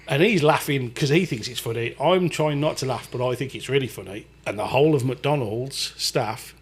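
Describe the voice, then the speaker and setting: A man's voice: mid-range voice, normal speed, few pauses. A middle-aged man co-hosting a podcast, chatting casually, swearing and laughing as he tells a story. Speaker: podcast co-host.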